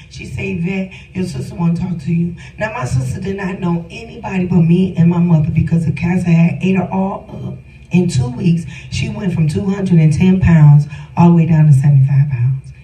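A middle-aged woman delivers an emotional personal testimony, leaning on her words and speaking straight to her listeners. Her voice carries the echo of a large room and sits some distance from the microphone. Soft music plays faintly behind her. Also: medium pitch. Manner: emphatic, addresses listeners directly. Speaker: storyteller giving a testimony. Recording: roomy sound from a distant mic with faint music.

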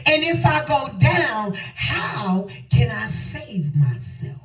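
An older woman preaching a sermon, swinging between shouted phrases and a sing-song cadence. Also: a little high, sing-song, slow pace. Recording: echoey hall, voice from a distance, faint music.

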